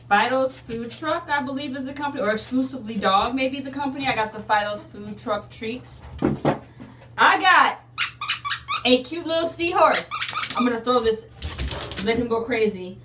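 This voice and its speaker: A woman's voice: fairly high pitch, roomy sound, distant mic, noisy background. A woman in a casual unboxing video, chatting to her viewers and calling them y'all. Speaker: unboxing vlogger.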